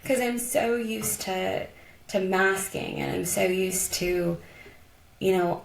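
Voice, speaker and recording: A Colorado woman appears as a podcast guest, telling personal stories in casual conversation. Her medium-pitched, gravelly voice moves slowly, reflective and heartfelt, full of "like" and "you know." The room sounds echoey.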